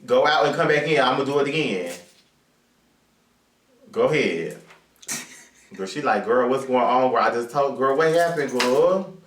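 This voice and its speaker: A man's voice: medium pitch, expressive, a little slow, long pauses, fairly bright tone. Sassy flamboyant man chatting on a live stream. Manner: flamboyant, sassy, calls everyone "girl". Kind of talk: casual live stream chat. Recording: echoey room, distant mic, faint hiss.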